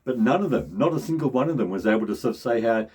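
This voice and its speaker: A man's voice: medium pitch, expressive, fast talker, darkish tone, husky. Man teaching voice projection, many restarts. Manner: restarts and repeats phrases often; shifts into demonstration voices. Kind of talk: casual spoken voice lesson.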